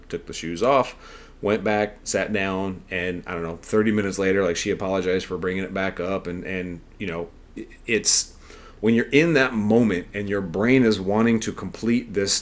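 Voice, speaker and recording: Podcast host, a man with a slightly low voice, earnest and conversational, rambling monologue. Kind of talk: casual storytelling monologue.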